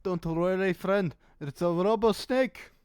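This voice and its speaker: A man's voice: clear, resonant tone, dry recording, clean studio sound. A man doing a vague put-on European accent as a shady, pushy salesman who keeps insisting you can trust him. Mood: reassuring. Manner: slow, loud, overly reassuring sales pitch. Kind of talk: improvised comedy bit on a podcast.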